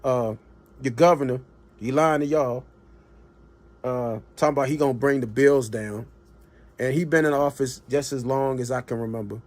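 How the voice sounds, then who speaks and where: A man's voice: mid-range voice, normal speed, pauses often, darkish tone. A man, streaming a blunt, colloquial political rant that rises to impassioned emphasis. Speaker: livestream commentator. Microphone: streaming mic.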